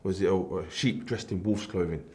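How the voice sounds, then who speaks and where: A man's voice: low-pitched, fairly even intonation, moderate pace, mellow. A man co-hosting a casual podcast chat, joking around animatedly. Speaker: podcast co-host.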